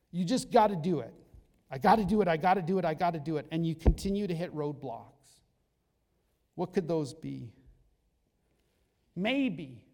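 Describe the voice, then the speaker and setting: A male pastor giving a sermon, telling a Bible story in an animated way with jokey asides. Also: fairly high pitch, gravelly. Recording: long hall reverb.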